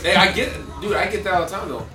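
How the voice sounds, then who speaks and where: Animated man over loud music. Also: high-pitched, quick pace, echoey room. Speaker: podcast co-host. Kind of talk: casual chat.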